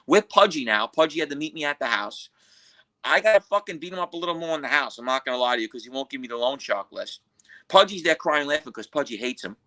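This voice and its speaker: A man from Queens, telling a story as a podcast guest in a profane, animated way and acting out what others said. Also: medium pitch, quick pace. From Queens, New York. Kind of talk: casual storytelling.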